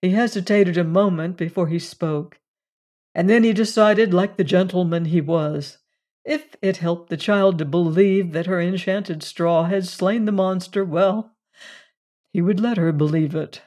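A reader giving a measured, scripted narration of a classic mystery story. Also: medium pitch, darkish tone. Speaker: audiobook reader.

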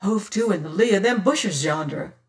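A reader doing a gruff loyal sailor. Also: mid-range voice, lively intonation, moderate pace, natural voice. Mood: alert. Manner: clipped nautical speech. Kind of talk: audiobook character reading.

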